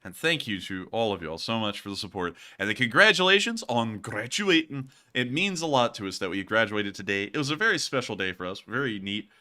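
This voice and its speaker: A man's voice: fairly low pitch, very animated, a little fast, few pauses, pushed and bright. A young man in his twenties hosting a livestream, chatty and jokey, laughing often as he reads through viewer messages. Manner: jokey, laughs often, repeats "oh, man, I'm telling you". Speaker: host. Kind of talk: livestream casual chat.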